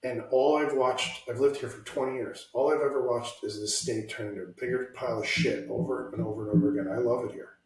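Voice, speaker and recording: Speaking fast with hardly any pauses, this medium-pitched podcast host keeps a fairly even intonation while bluntly discussing politics and cursing freely. He's far from the mic in a home room in Washington state, where he lives, so the sound echoes.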